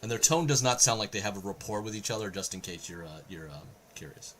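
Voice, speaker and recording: A man's voice: lowish voice, lively intonation, quick pace, background noise. A man narrating a tabletop game session as game master, explaining the scene steadily and often restarting his sentences.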